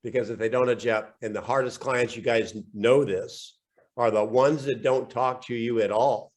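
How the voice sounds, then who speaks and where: This is a man running a real estate coaching call, upbeat and quick to joke. His voice sounds worn and a little scratchy from days of talking. He speaks into a computer mic on a video call. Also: medium pitch, fairly even intonation, a little mellow. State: voice weak and scratchy from overuse.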